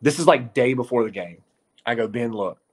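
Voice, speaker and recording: A man at the middle of the usual pitch range for men, spinning a story in a loose, chatty way. He is a sports reporter who jumps into other people's voices to act out their lines, and his delivery keeps climbing into lively bursts. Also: fairly quick. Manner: animated storyteller, acts out quotes. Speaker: local TV sports reporter, guest. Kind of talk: casual podcast storytelling.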